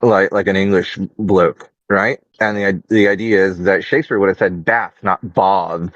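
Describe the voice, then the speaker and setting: A man's voice: sits low, steady tone, normal speed, no echo, lo-fi sound. A man in a casual group chat, rambling with many fillers and restarts. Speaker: podcast participant.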